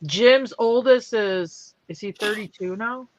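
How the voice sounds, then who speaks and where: A woman's voice: mid-range voice, takes it slowly, muffled recording, a little hiss or hum. A woman in her forties chatting casually, wry and joking. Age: 40s. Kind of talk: casual chat.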